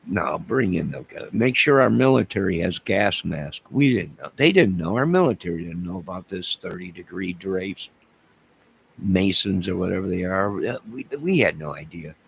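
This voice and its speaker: Man, deep voice, husky, livestream host, rambling casual chat, joking, loud bursts and mutters. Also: animated, normal speed, rough recording. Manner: rambling and joking, answering his chat by name; swings between loud outbursts and mutters. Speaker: livestream crime-case commentator.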